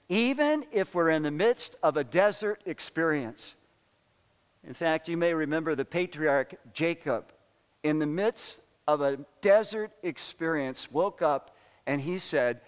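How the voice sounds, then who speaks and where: A man's voice: fairly high pitch, long reverb tail. An older man preaching a sermon in an earnest way, repeating words and phrases for emphasis. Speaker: pastor.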